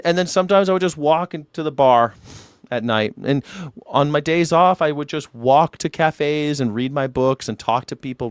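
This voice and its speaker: A man's voice: a little high, no echo, clean studio sound. A man hosting a casual call-in livestream, rambling and profane, boasting about himself in a joking way. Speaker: livestream host taking callers.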